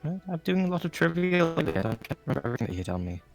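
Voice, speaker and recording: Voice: medium pitch, big pitch swings, rapid-fire, music in the background. A player at a tabletop game, chatting casually, joking and rambling with frequent laughter.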